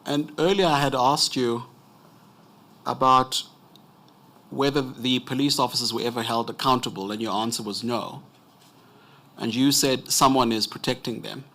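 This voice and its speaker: Bright-toned South African advocate. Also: male voice, medium pitch, fairly even intonation, moderate pace, long pauses. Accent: South African English. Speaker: advocate cross-examining a witness. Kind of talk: courtroom questioning.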